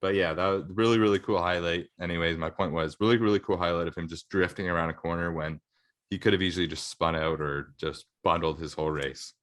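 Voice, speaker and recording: A man's voice: low-pitched, fairly even intonation, fast talker, fairly bright tone. A young man, co-hosting a podcast in casual, rambling chat full of fillers. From Canada. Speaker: podcast co-host.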